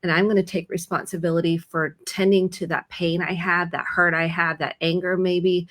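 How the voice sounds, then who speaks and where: A middle-aged woman therapist giving calm, reassuring advice in conversation, slowing down as she coaches. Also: on the low side.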